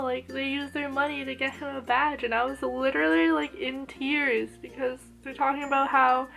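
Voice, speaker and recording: A woman casually reviewing an anime episode, gushing and excitable, full of "oh my gosh" and "like". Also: high voice, creaky.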